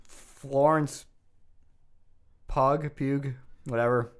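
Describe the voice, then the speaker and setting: A man's voice: medium pitch, fairly even intonation, drawn-out words, clean tone. A man hosting a casual podcast, laid-back and dry, swearing casually. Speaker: podcast host. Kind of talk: casual chat.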